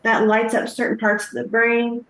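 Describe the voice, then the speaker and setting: A woman's voice: fairly high pitch, completely flat delivery, normal speed, a bit bright. A woman giving a live training talk on trauma-informed care, conversational, with frequent fillers and acted-out sample questions. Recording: echoey room.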